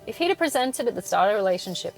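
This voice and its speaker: A young woman speaks bluntly and swears freely as she vents on her podcast, breaking into laughs between points. Her voice sits in a middle pitch, and faint music plays under her. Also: sing-song, rapid-fire, vocal fry. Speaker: podcast host. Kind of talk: solo venting podcast. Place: in a car.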